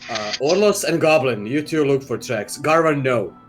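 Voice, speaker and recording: A man's voice: medium pitch, lively intonation, soft background music. A man playing a tabletop game, planning out moves in a casual way. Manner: planning, quick repeated no's. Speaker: player.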